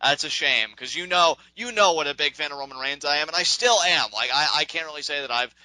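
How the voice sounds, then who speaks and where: A man co-hosting a casual wrestling recap podcast, talking in an animated, rambling way and laughing often. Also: fairly high pitch, quick pace, dry recording, low-quality recording. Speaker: podcast co-host.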